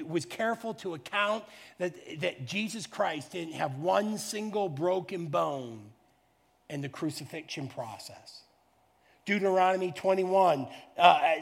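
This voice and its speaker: A male pastor delivers a fervent sermon, repeating his phrases and climbing to shouts. His high voice carries a gravelly edge and an unhurried pace. A long hall reverb lingers after each line. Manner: fervent, emphatic, repetitive phrasing, rising to shouts.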